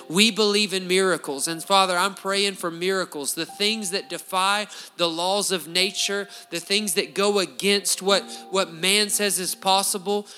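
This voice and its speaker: Fervent man praying over soft music. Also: high-pitched. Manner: fervent, pleading, repeats phrases. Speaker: pastor. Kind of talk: spoken prayer at a church service.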